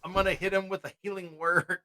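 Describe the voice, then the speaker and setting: A man's voice: high-pitched, little pitch movement, quick pace, sharp tone. A man playing a tabletop game, chatting casually and upbeat. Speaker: player.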